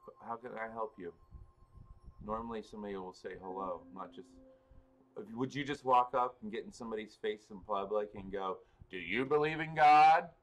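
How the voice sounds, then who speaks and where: A man with a fairly low voice talks loosely to his livestream viewers. He rambles, backtracks and restarts his sentences, chuckling now and then. A faint ambient hiss sits behind him. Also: fairly even intonation, a little fast, fairly bright tone. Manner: rambling, self-correcting, chuckles often. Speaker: livestream host and spiritual reader. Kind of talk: casual livestream chat answering viewers.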